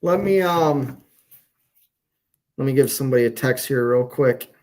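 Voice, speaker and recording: A man trucker chatting casually on a live stream from a hotel room, talking in slow, halting phrases with frequent restarts. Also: mid-range voice, a little mellow. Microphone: phone on hotel wifi.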